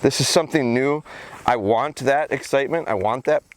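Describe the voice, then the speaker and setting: A man's voice: mid-range voice, normal speed. Man training a dog out in a field. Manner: alternates calm explanation with short commands and praise to a dog. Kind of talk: outdoor training vlog, explaining while working the dog. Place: outdoors in a rural field.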